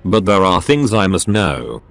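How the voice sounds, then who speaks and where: A man's voice: deep voice, big pitch swings, creaky, a bit bright, heavily acted. Male text-to-speech voice as a cold robot sorcerer. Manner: formal, measured, menacing. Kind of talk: synthetic storybook narration.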